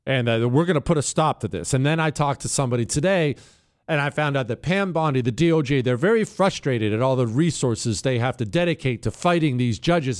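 A man's voice: mid-range voice, animated, brisk. A man hosting a talk radio show, giving an emphatic, ranting opinion monologue and mocking the people he quotes. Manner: mimics others in whiny quotes.

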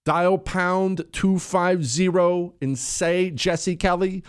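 A man hosting a talk show, telling a story in a punchy, animated way. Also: takes it slowly, smooth. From United States. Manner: animated, wide swings in pitch, punchy delivery. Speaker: radio talk show host. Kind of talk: casual storytelling monologue.

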